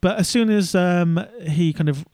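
A man's voice: high-pitched, moderate pace, darkish tone, dry recording. A man co-hosting a casual podcast, rambling with many fillers and restarts. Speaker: podcast co-host.

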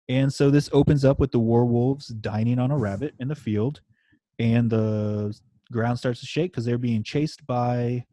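Mellow-voiced man casually recapping comics. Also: mid-range voice, no echo, clean studio sound. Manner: laid-back, chatty, swears and laughs. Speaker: podcast co-host.

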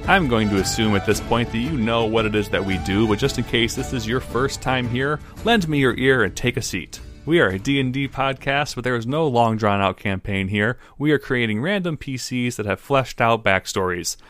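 A man's voice: mid-range voice, moderate pace, few pauses, fairly bright tone, soft background music. A man hosting a casual tabletop role-playing podcast, bantering playfully with his co-host.

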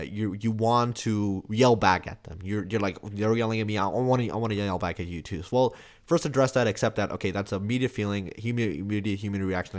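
A young man talking with his father on a podcast, giving advice in a relaxed way, with lots of "like" fillers. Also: on the low side. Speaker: son, podcast guest. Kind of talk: casual conversation giving advice.

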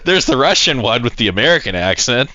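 Exasperated man, bright lively voice. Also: mid-range voice, brisk. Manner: exasperated, sarcastic, swearing. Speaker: podcast co-host. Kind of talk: casual chat. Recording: dull, lo-fi dry mic.

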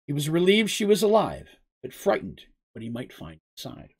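An expressive storyteller reading a fantasy tale aloud, with a voice that rises and falls in a lively way. The speaker now and then drops the script to chat directly with the listeners. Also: medium pitch, moderate pace, creaky, husky.

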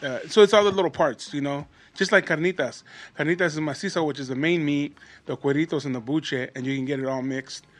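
A man's voice: fairly high pitch, fast talker, a bit bright. Laid-back man rambling about food. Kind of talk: casual chat.

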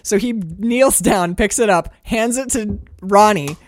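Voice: medium pitch, a little slow, no echo, clean studio sound. A podcast co-host in casual movie chat, retelling scenes with lots of swearing and laughter.

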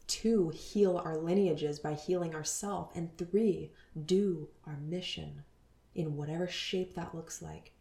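A woman in her thirties hosting a spiritual podcast, talking earnestly and dropping into soft whispers. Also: lowish voice, reverberant. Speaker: podcast host.

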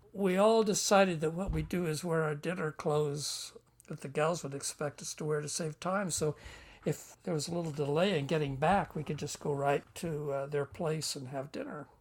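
Older man rambling through an anecdote. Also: a little high. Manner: rambling, chuckling, acts out quoted dialogue. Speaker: guest, book author. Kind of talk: storytelling anecdote.

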